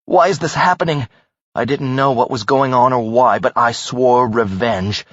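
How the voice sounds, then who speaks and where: A man narrating a first-person audiobook thriller in a dramatic, expressive way. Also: mid-range voice, normal speed, dry recording. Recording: dull, dry audiobook recording.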